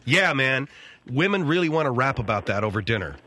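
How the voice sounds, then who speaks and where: A man hosting a comedic radio talk show, brisk and wry, with mock-grand announcements. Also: medium pitch, sing-song, pushed and bright.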